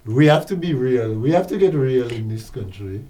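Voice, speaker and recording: A man co-hosts a casual talk show. His warm, mid-pitched voice carries earnest, emphatic commentary. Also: lively intonation, moderate pace, low-quality recording. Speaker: co-host.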